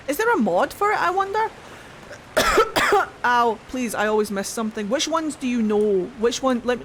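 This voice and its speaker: A woman's voice: medium pitch, a little hiss or hum. A woman with a Geordie accent from Newcastle, chatting casually while streaming a game, swearing freely and answering chat. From Newcastle, England.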